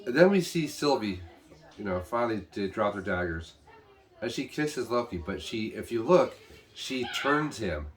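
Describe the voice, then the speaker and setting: A man casually recapping an episode, rambling with restarts and quickly paraphrasing what the characters say. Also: on the low side, sing-song. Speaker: show reviewer.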